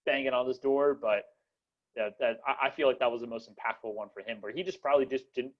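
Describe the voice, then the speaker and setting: A man's voice: mid-range voice, fast talker, lo-fi sound. A young man hosting a podcast in casual chat, rambling with many fillers and restarts and laughing often. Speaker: podcast host.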